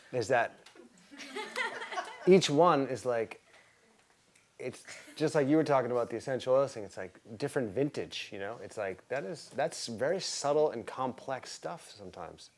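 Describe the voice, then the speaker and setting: A man leads a live herbalism class in a casual, enthusiastic way, stopping to quiz his students. His voice sits at an ordinary middle pitch for a man, and his pace is relaxed and conversational. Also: moderate pace. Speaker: herbalism teacher.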